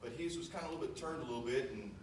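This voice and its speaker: At a memorial service, a son gives a storytelling eulogy, folksy and meandering with plenty of fillers, talking very fast in a mid-pitched voice. He's recorded from a distance in an echoey room with steady background noise.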